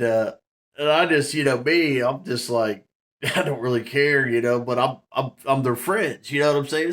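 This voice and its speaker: A man's voice: mid-range voice, fairly bright tone. A man telling a story to the camera in a rambling, casual way, with lots of fillers and laughs. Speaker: vlogger.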